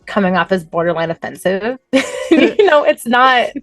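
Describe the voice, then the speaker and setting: An animated woman co-hosts a casual podcast chat, spinning stories with plenty of laughter. Her voice sits at an ordinary middle pitch. It is recorded dry and close, with no room echo. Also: moderate pace, soft background music. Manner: animated, chatty storytelling with frequent laughs. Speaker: podcast co-host.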